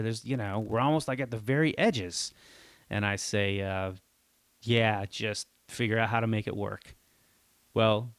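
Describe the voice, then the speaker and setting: A man tells a long comic story as the host of his own show, exasperated and animated, often jumping up in pitch to act out the people he quotes. His voice sits in a middle range and is recorded close and dry, with no room sound. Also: no echo. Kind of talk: comedic storytelling monologue.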